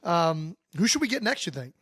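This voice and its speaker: A man from Ohio co-hosting a sports podcast in casual chat, quick-talking and teasing his co-host. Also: high-pitched, big pitch swings, fairly bright tone, no echo, clean studio sound.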